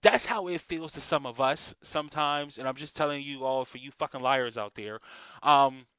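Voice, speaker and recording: A man's voice: medium pitch, normal speed, fairly bright tone, clear, resonant tone, no echo. A man in a casual ranting monologue, exasperated and swearing often as he vents about things he hates. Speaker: vlogger.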